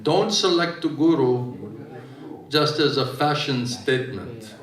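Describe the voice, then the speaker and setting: Joking swami in an echoey hall. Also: male voice, medium pitch, expressive, slow, recorded from a distance. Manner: joking, conversational, keeps asking the audience "right?". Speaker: swami giving a spiritual discourse. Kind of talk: sermon. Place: temple hall with audience.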